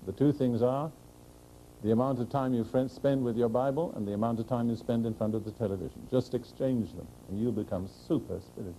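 A man preaching a sermon to a congregation, speaking earnestly and directly, asking rhetorical questions, and slowing down to proclaim scripture. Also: medium pitch, mellow, a little hiss or hum, low-quality recording. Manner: slows and rises to proclaim scripture.

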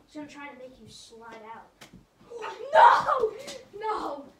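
A young woman chatting casually and excitedly while playing a game, slangy and quick to laugh. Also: a little high. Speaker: knee hockey player. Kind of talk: casual play-by-play banter. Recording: echoey room, distant mic, noisy.

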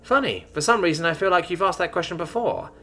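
A man voicing a chirpy, cocky young alien woman with a high, teasing voice. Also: sing-song, fast, a bit bright, faint music behind, heavily acted. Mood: amused.

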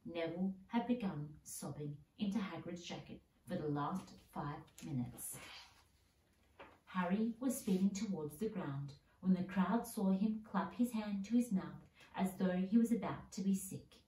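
A woman reading a storybook chapter aloud at a steady, measured pace, recorded in a roomy space from a distance. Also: on the low side, a little hiss or hum. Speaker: reader. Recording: roomy sound, mic at a distance.

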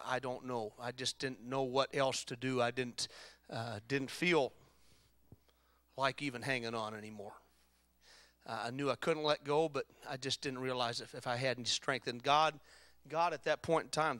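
A man preaching a sermon as pastor, swinging from loud exhortation to quiet personal storytelling. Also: medium pitch, no room sound. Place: church sanctuary.

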